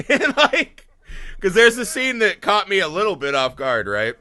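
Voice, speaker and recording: Male podcast co-host, bright, slightly high voice, casual and profane, mocking impressions. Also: moderate pace, dry recording. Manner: animated, profane, laughing, slips into mocking voices. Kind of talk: casual film review chat.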